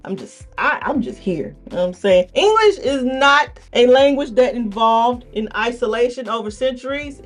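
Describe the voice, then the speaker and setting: Woman host talking words, jokey and animated, fairly high voice, faint music behind. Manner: animated, joking, with rhetorical asides. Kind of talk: casual educational monologue.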